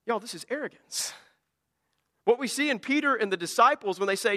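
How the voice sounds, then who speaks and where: A male pastor delivers a sermon with a high, bright, forceful voice that carries. He swings between loud emphatic bursts and quiet, almost muttered asides. The sound rings with the long reverb of a large hall. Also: animated, normal speed.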